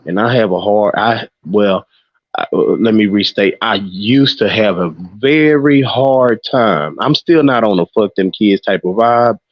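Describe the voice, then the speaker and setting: A man's voice: fairly low pitch, a little slow, no room sound. A man co-hosting a podcast, talking frankly and loosely in casual chat, with frequent swearing and restarts. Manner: frank, rambling, swears freely. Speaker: podcast co-host. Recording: muffled lo-fi audio.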